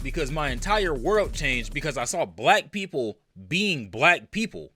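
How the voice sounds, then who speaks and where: A man's voice: a little high, pushed and bright. A young man from the United States speaking candidly in a personal vlog rant. He swears freely and breaks into emphatic outbursts. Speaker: content creator.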